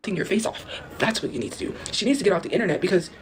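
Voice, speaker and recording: A woman's voice: mid-range voice, animated, very fast, a little hiss or hum. A woman in a played clip rambling and mocking someone, repeating herself. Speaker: internet personality in a clip. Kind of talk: casual rant to camera.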